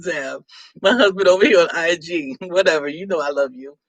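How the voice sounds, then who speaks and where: A woman's voice: lowish voice, sing-song, takes it slowly, pauses often, fairly bright tone, husky, no echo. A chatty, teasing middle-aged woman hosting a live stream and reading viewer comments aloud. Her close, dry voice sits right against the mic with no room sound, and she laughs often between remarks.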